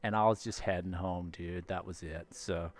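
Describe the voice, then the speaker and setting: A man's voice: low voice, fairly even intonation, moderate pace, very noisy, pitched below the performer's own voice, natural voice. A man putting on a laid-back American dude who tells a rambling story full of "bro" and "dude.".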